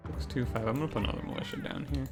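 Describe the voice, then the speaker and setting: A man's voice: mid-range voice, racing. A man giving casual gameplay commentary, rambling and joking as he often cuts himself off mid-sentence. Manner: rambling, jokey, self-interrupting. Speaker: gaming commentator. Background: background music.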